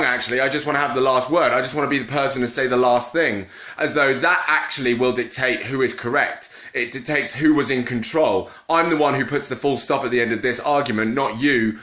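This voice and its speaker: Brief: man, casual live-stream vlogger, bright, slightly high voice, roomy echo. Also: brisk. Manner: animated, greets viewers mid-talk, trails off and restarts. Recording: echoey room.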